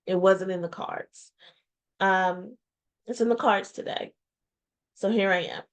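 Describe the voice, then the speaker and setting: Slow, heartfelt woman talking to camera. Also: medium pitch, fairly even intonation. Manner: reflective and heartfelt, with pauses and repeated phrases. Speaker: small business owner and vlogger. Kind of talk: candid personal vlog talk. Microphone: webcam or video-call mic.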